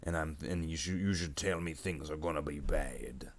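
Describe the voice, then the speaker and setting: A man's voice: rumbling low, moderate pace. A man voicing a dim, bossy male orc warboss who blusters, gets muddled and makes threats. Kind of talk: improvised comedy skit while painting.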